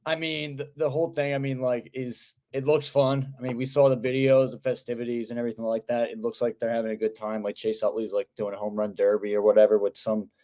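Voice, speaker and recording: A man's voice: mid-range voice, flat delivery, quick pace, hardly any pauses, warm tone. A young man co-hosting a casual sports podcast. He rambles, trailing off with frequent hedging. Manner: rambling, many fillers and restarts. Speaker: podcast co-host.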